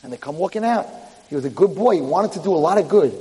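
A man, a rabbi lecturer, telling a dramatic story in a sermon with animated delivery. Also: fairly high pitch, fast talker, long reverb tail, poor audio.

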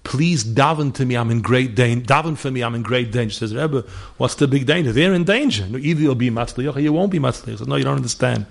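A man's voice: medium pitch, fast talker, gravelly, few pauses. A middle-aged man giving a holiday sermon, telling stories and sprinkling Yiddish and Hebrew words into his English. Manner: storyteller mixing Yiddish and Hebrew words into English, voicing people in his tales. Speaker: rabbi giving a holiday talk. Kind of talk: sermon with storytelling.

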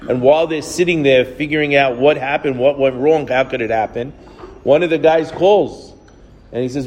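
A man gives an informal Torah class, telling stories in a loose conversational way. He often repeats and restarts his words, and he acts out the dialogue. His voice sits at an ordinary pitch, and a long reverb hangs behind it in the room. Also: normal speed, a little mellow. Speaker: rabbi teaching a class.

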